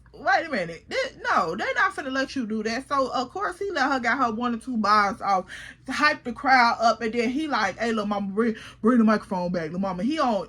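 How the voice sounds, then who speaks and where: Woman storyteller, high bright voice, animated and slangy. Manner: animated, slangy, addresses viewers directly. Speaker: YouTuber telling a storytime. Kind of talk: casual storytime.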